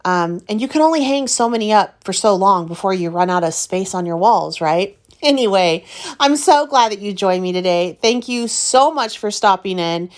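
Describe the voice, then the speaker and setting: A woman's voice: mid-range voice, animated, moderate pace. A woman hosting her craft video, talking casually and candidly to viewers about her frustration with the work. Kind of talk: casual chat narrating her art process.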